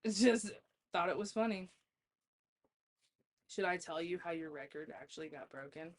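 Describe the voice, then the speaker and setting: Woman with a lowish voice, podcast guest, laughs a lot, cusses casually while telling stories. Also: normal speed. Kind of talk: casual storytelling chat.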